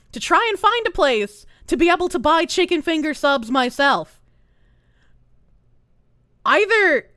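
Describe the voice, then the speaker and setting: Cursing freely, this young streamer from Boston keeps up a casual, animated rant to her live audience. Her voice is very high and jumps around constantly, recorded dry and close on what sounds like a home desk mic, without any room sound.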